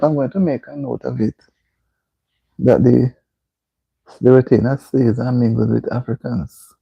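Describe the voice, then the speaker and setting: A man's voice: mid-range voice, creaky, slightly rough, no echo, highs cut off. A man hosting a casual live stream, reading viewer comments aloud and repeatedly asking people to like the stream. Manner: reads viewer comments aloud and keeps urging likes.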